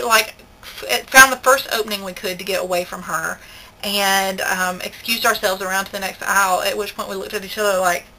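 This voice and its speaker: A woman's voice: mid-range voice, bright, forceful tone, a little hiss or hum, low-quality recording. A young woman with a Southern American accent, telling a story in a chatty, indignant way for her vlog. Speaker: vlogger.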